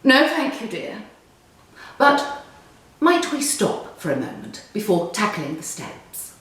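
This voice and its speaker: A posh elderly lady, brisk, bossy and kind at heart, booming out her words, as a woman storyteller puts her on. She speaks slowly, her voice higher than the reader's own. The reading sounds roomy, with the mic set some way off. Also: very animated, a bit bright. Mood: gentle. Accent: posh English. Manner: booming and commanding. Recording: roomy echo, distant mic.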